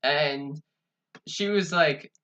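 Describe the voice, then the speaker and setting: A man's voice: on the high side, very slow, heavy background noise. A young man co-hosting a podcast, telling a story casually and acting out the people in it. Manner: animated, laughing, acts out quoted people. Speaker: podcast co-host.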